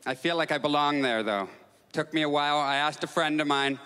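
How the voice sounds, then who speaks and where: A man performing a stand-up comedy set, telling neurotic, self-mocking stories and jumping into high excited outbursts. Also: a little fast, clean tone. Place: stage in a comedy club with audience. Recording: live club recording with long reverb, faint crowd.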